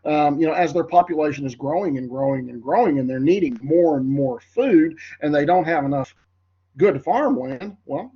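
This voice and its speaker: A man's voice: fairly high pitch, animated, moderate pace, slightly rough, highs cut off. A man with a congested, nasal voice teaching a history class in a rambling lecture, full of fillers. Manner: rambling, filler-heavy, addresses class as folks. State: congested, voice cracking.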